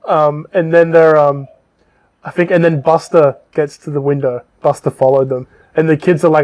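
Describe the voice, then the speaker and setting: Rambling, slightly high-voiced man podcaster. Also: flat delivery, moderate pace, a little mellow. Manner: loose and rambling, frequent ums and profanity. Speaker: podcast co-host. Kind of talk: casual podcast chat, retelling a book's plot.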